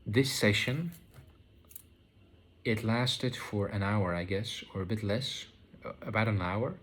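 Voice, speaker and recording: Guy with a lowish voice rambling slow and thoughtful, lots of likes and ums. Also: a bit bright. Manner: slow, searching, full of fillers and restarts. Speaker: vlogger sharing spiritual experiences. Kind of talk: reflective casual monologue.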